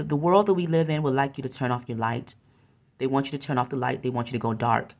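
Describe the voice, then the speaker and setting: A woman giving an oracle card reading, speaking earnestly and encouragingly and often repeating her phrases. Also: very deep voice. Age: adult with a young son.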